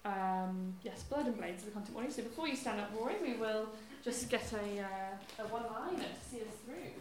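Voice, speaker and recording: A woman's voice: medium pitch, brisk, a little hiss or hum. A woman hosting a live storytelling event, chatty, with laughing asides. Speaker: event host. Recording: echoey venue with loud crowd. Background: loud crowd.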